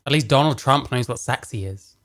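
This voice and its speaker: A man's voice: medium pitch, brisk, crowd noise. A man with a mid-range voice talks back at a video in casual, profane commentary. He is blunt and combative, and his tone stays scornful throughout. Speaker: reaction commentator.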